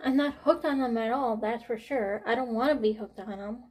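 Halting, anxious woman in her forties. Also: on the high side, darkish tone, breathy edge. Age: 40s. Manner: halting, swearing, sighing, repeats herself. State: anxious, near tears. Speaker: vlogger. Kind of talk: candid personal vlog talk.

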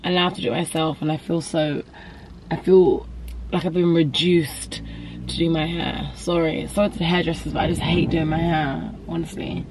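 A woman's voice: low-pitched, little pitch movement, moderate pace. A young woman vlogging in a rambling, chatty way, talking herself through her day. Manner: rambling, chatty, self-talk. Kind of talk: casual vlog chat. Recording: noisy background.

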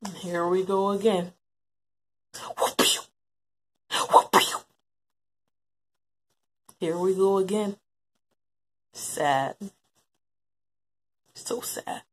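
A woman's voice: mid-range voice, steady tone, takes it slowly, long pauses, a little mellow. A woman giving emotional personal testimony about her brother, reflective and repeating phrases for emphasis. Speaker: interviewee recalling her brother.

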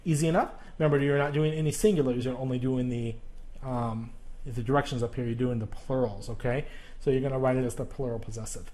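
A male teacher giving a recorded grammar lesson, speaking haltingly with many fillers and restarts. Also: mid-range voice, steady tone, warm tone.

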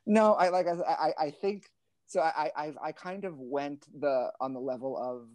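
A man's voice: on the high side, normal speed, a little mellow, no echo. A man, a librettist and translator, talking about his work over a video call in a thoughtful, digressive, wry way.

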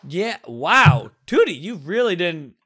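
A young man giving excited gaming commentary, yelping and shouting whenever danger hits. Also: high-pitched, slow, crowd noise. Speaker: gaming YouTuber.

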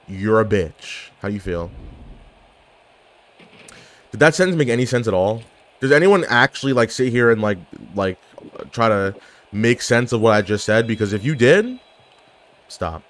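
A man's voice: mid-range voice, a little slow, long pauses. A man giving casual gameplay commentary, joking and trash-talking opponents. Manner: trash-talking, jokey, excitable outbursts. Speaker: gaming YouTuber.

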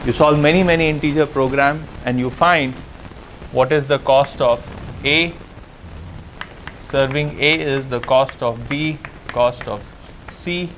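A man giving a university lecture, explaining step by step with frequent "uh" and "okay" pauses. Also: medium pitch, fairly bright tone, a little hiss or hum, rough recording. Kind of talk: classroom lecture on game theory.

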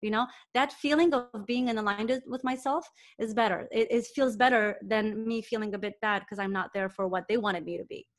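A middle-aged woman, a cardiologist guest, talking in a casual interview with enthusiasm and lively self-quotes. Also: on the high side, a little fast, hardly any pauses. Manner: enthusiastic, animated, quotes herself in lively voices.

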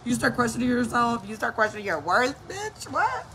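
Speaking fast in a slightly high voice, a mother vlogger in her thirties relates a story with profanity and acted-out quotes, keeping things animated. A bit of background noise can be heard.

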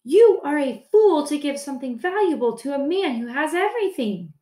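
A woman reading aloud as a blunt, scornful farmer's wife in a folk tale, voicing her in a raised, higher scolding tone. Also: very animated, normal speed, dark tone, echoey room.

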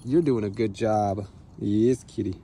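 A man on a casual walking vlog outdoors, talking to cats in gentle baby talk. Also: lowish voice, measured pace, a little hiss or hum. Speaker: vlog co-host. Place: outdoor neighborhood street.

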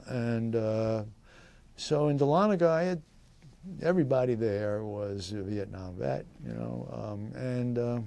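Gravelly-voiced old man telling stories. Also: medium pitch, dark tone, dry recording. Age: 80s. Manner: rambling storytelling with many fillers and laughs; voices quoted people in livelier tones. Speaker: veteran interviewee. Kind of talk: oral history interview.

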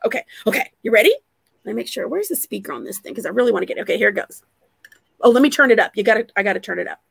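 A woman hosting a casual vlog, excitable and gushing, laughing often. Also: on the high side, rapid-fire, gravelly, husky, no echo. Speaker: vlog host. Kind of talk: casual chat on a live vlog.

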